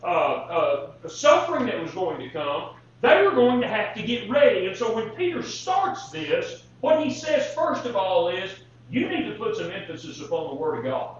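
A man's voice: high voice, big pitch swings, normal speed, few pauses. A male preacher delivering a sermon, reading scripture and putting rhetorical questions to the congregation. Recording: very echoey hall, distant mic, dull lo-fi sound.

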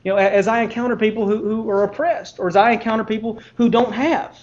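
A man preaching a sermon in an earnest, measured way, often restarting his words and putting questions to the congregation. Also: high-pitched, dull audio, a little hiss or hum.

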